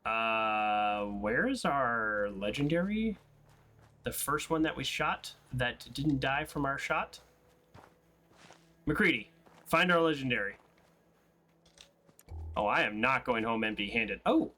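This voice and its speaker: Bright, excitable gaming commentator, man. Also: medium pitch, slow, long pauses. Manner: excitable, laughs often, self-mocking. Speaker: let's play host. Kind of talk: casual gameplay commentary.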